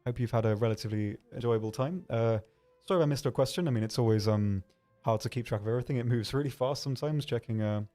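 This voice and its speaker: A man hosting a livestream, answering viewer questions in a hesitant, rambling way with dry, deadpan humor. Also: mid-range voice, fast, soft background music. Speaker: livestream host.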